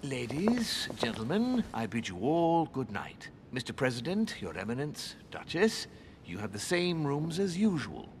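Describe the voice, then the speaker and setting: A man's voice: medium pitch, wildly swooping pitch, a little slow, noisy background. An actor playing a genteel host in a video game, formally addressing his guests. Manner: formal, announcing.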